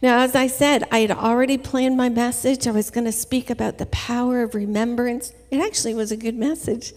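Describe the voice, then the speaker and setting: A woman preaching a sermon in a church, telling her story in an earnest, measured way. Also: on the high side, fairly even intonation, darkish tone. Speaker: guest preacher. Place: church sanctuary. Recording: reverberant church hall.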